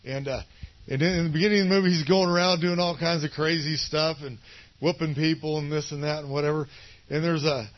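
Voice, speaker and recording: A man's voice: fairly high pitch, fairly even intonation, a little fast, lo-fi sound. Rambling, conversational male pastor. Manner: conversational, rambling, asks for agreement. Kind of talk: casual sermon.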